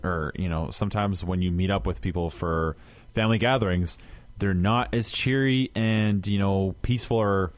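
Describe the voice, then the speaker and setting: Low-voiced guy hosting a podcast, rambly casual questions, dry sound. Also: normal speed, no echo. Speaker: podcast host. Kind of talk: casual chat about a TV show.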